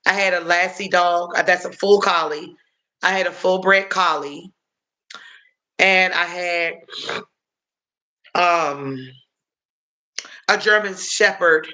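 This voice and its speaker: A man hosting a live stream, chatting in a rambling way, answering viewers' comments, calling them y'all, and filling pauses with um and uh. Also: high voice, fairly even intonation, pushed and bright. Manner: halting, with frequent um and uh fillers. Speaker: livestream host answering chat. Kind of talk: casual live-stream chat.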